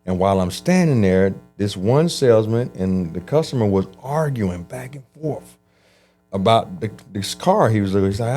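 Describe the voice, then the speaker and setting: A man telling his life story in an interview, animated and acting out the voices of people he quotes. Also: on the low side, normal speed, soft background music. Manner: animated, acts out quoted voices, frequent restarts. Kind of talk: conversational storytelling.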